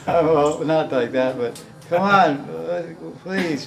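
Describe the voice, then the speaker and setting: A man's voice: a little high, takes it slowly, vocal fry, slight background noise. A man teaching a devotional class in a loose, conversational way, often chuckling and acting out the pleas he quotes. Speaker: spiritual teacher.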